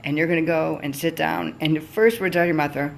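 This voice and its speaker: Low-voiced woman ranting about her shift. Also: fairly even intonation, fast talker, creaky. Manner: blunt, profane, exasperated. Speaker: restaurant server. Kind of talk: profane storytelling rant.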